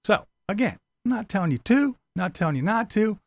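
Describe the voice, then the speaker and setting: Middle-aged man, profane mocking rant, high-ish voice, dry recording. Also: lively intonation, fairly quick, gravelly, dry recording. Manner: blunt, profane and mocking, acts out silly voices. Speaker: commentary channel host. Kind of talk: ranting commentary vlog.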